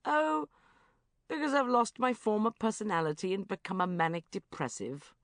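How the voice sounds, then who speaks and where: A woman reading an audiobook, voicing a weary young man friend who speaks in a dull monotone. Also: medium pitch, normal speed, no room sound, studio quality, voice pushed up.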